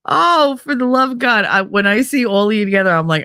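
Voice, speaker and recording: A woman's voice: fairly high pitch, lively intonation, measured pace, gravelly, pauses often, fairly bright tone, clear, resonant tone, no echo. Laughing, teasing woman streamer, dry mic. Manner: bubbly, teasing and laughing often. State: tired from little sleep. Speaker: livestream host reading chat. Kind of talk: casual chat.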